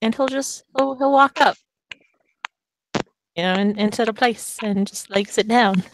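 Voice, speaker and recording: A woman's voice: fairly high pitch, measured pace. A woman at a tabletop game describing her character in a casual, hesitant, rambling way. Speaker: player. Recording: mic with clear background hiss.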